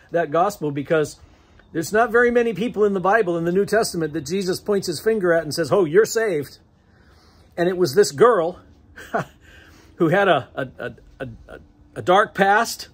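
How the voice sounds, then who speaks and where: A husky, fairly high-pitched man with an American accent delivers a church sermon. He preaches in a loose, conversational way and chuckles often between phrases. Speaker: pastor. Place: church sanctuary.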